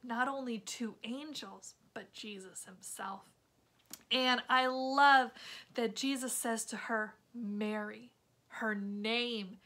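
Bubbly woman teaching kids a Bible lesson. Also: on the high side. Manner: animated, chatty, with frequent asides to the kids. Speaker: children's ministry teacher.

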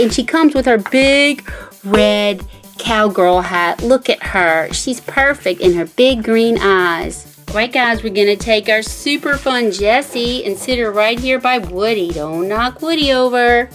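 A woman unboxes toys for children in an excited, animated way, gasping and calling out to the viewers. Her voice sits high and her pace is slow and careful. Faint music plays behind her. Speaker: toy channel host.

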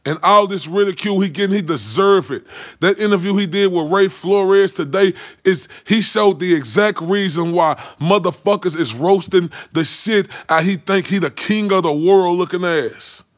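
A man's voice: high voice, moderate pace. A man ranting about boxing on his channel, heated and mocking, swearing constantly. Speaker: boxing commentary vlogger. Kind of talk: profane casual rant.

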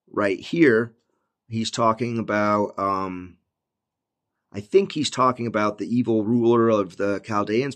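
A man talking through a book of the Bible in a casual, laid-back way, full of "like" and "basically". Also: medium pitch. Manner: slows down when reading old scripture aloud. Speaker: Bible commentator. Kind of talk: casual Bible study talk.

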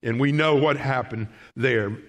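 A man's voice: mid-range voice, unhurried, fairly bright tone. A male pastor preaching a Sunday morning sermon. He calls the congregation "folks" and reads scripture aloud.

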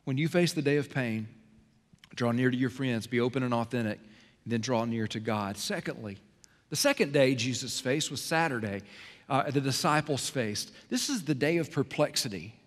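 A man preaching a sermon as pastor, swinging between loud emphasis and hushed, quiet passages. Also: medium pitch, moderate pace. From American South. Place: church sanctuary. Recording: long hall reverb in a church sanctuary.

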